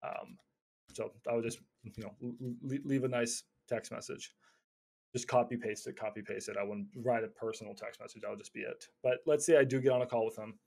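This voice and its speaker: A man teaching cold calling in a casual, energetic way, often stumbling over and repeating words. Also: medium pitch, fairly quick, creaky. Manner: energetic, stumbling repeats, slips into acted phone calls. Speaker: real estate investor teaching cold calling. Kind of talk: casual instructional talk.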